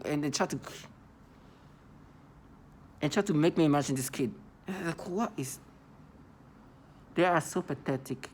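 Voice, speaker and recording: A man's voice: a little high, steady tone, normal speed, long pauses, a little hiss or hum. A man in his thirties delivering an agitated vlog monologue, repeating himself and stumbling over restarts. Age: 30s. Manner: agitated, repetitive, stammering restarts.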